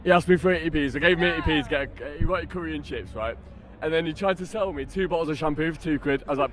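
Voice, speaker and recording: Young guy, quick talker, blunt and opinionated, slightly high. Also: a bit bright. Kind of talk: casual storytelling.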